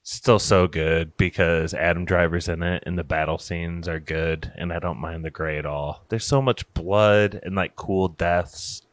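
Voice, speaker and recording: A man co-hosting a movie podcast in casual chat, jokey with deadpan silly bits. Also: deep voice, a little slow, hardly any pauses, no room sound. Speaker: podcast co-host.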